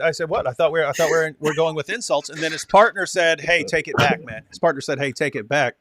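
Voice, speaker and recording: A man's voice: on the high side, fast talker, hardly any pauses, a bit bright. A man co-hosting a casual reaction chat, telling stories and acting out the lines of others. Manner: storytelling, acts out quoted dialogue. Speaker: co-host.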